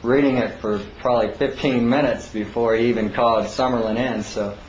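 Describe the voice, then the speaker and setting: A man casually recounting his own court hearing, acting out the others with sudden raised, high voices. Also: fairly even intonation, fairly quick. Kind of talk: casual spoken anecdote. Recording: roomy dull lo-fi recording with faint hiss.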